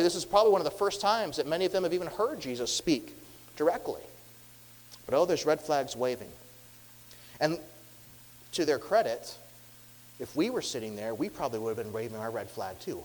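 A man preaching a sermon as a pastor, earnest and questioning, who drops his voice softly when quoting. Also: a little high, lively intonation, a little fast. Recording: long hall reverb.

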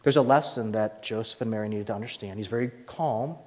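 A man preaching a sermon as pastor, animated and acting out the voices he quotes. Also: lowish voice, fast, long reverb tail.

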